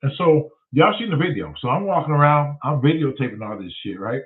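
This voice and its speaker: Host, male, 60s, raised lively pitch, foul-mouthed animated storyteller, tinny phone-line sound. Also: brisk. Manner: profane, animated, acts out both sides of conversations. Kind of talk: casual storytelling.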